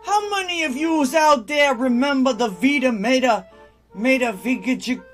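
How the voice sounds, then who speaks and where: Brash New York Italian huckster for a spoof commercial, put on by a man, high and unhurried, with faint music behind. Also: fairly bright tone. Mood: hustling.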